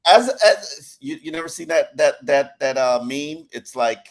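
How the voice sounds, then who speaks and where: A man's voice: on the high side, lively intonation, measured pace. A man on a sports podcast ranting in an exasperated way, repeating words as he gets worked up. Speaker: podcast columnist. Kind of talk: heated sports podcast rant.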